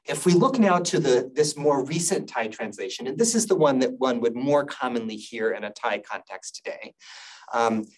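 A man giving a university lecture on poetry, halting and thoughtful, with frequent fillers. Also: medium pitch, animated, a little mellow, low-quality recording. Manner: chants verse lines slowly. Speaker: guest lecturer.

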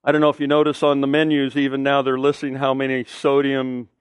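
A man's voice: medium pitch, monotone, brisk, smooth, dry recording. Man preaching, emphatic, dry sound. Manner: emphatic preaching with rhetorical questions. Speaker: pastor. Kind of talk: sermon.

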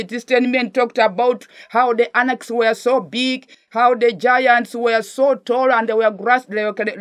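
Ugandan woman preaching with rhetorical questions. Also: fairly high pitch. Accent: Ugandan English. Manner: exhorting with repeated rhetorical questions. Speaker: pastor. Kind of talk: sermon.

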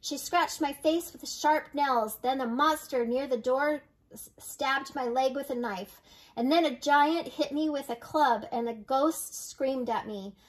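A woman voicing a frightened, cowardly male robber in a storybook, crying out for help in high-pitched yelps. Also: unhurried. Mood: shaken.

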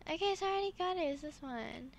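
A woman hosting casual gameplay commentary, excitable and full of exclamations as she talks to her viewers. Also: sits high, quick pace, vocal fry, no echo. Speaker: gaming channel host.

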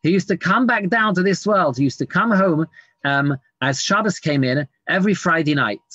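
Rabbi teaching Talmud in a dull, dry recording. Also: male voice, fairly high pitch, animated, normal speed, fairly bright tone, dry recording. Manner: reads Aramaic text then explains it in English, many fillers. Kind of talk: Talmud class lecture. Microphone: screen-sharing online class.

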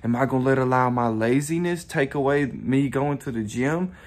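Speaking straight to camera in a mid-range voice at a moderate pace, this young YouTuber delivers a casual motivational talk. His vlog monologue rambles, swears freely, turns inward, and is punctuated by him laughing at himself.

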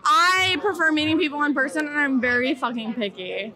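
A woman's voice: sits high, crowd noise. A young woman chatting bluntly and profanely in a street interview, outdoors on a busy street. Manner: blunt, profane, fast-talking. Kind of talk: casual street interview chat.

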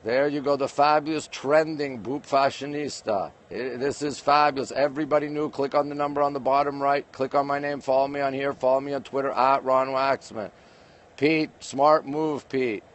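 A man's voice: mid-range voice, fairly even intonation, moderate pace. A man hosting a casual live stream from a windy rooftop at night, very cold, chatting and greeting viewers one by one. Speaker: livestream host.

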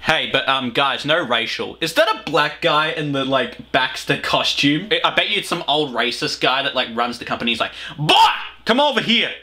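A man's voice: mid-range voice, normal speed, hardly any pauses, pushed and bright, faint music behind. A young Australian man giving casual reaction commentary, crude, mocking and rambling. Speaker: reaction video host.

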